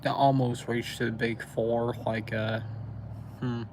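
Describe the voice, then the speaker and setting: A man with a Southern US accent chatting on a live stream, pausing often as he recalls band names. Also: mid-range voice, little pitch movement, darkish tone, a little hiss or hum. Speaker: metal music streamer. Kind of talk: casual live stream chat.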